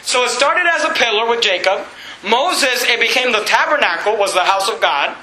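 A man's voice: very high-pitched, animated, moderate pace, bright, forceful tone, echoey room, low-quality recording. A man preaching a sermon as pastor, quoting scripture and stressing his words. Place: church.

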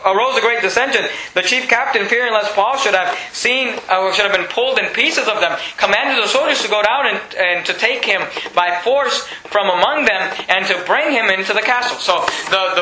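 A man preaching a lively sermon. He reads scripture aloud and acts out the people in the story. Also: extremely high pitch, slight background noise. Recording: echoey room.

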